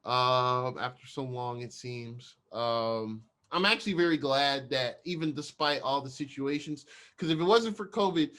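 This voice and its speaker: A man co-hosting a podcast, chatting casually and rambling through scenes while acting out bits in quick voices. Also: mid-range voice, fairly bright tone. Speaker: podcast co-host.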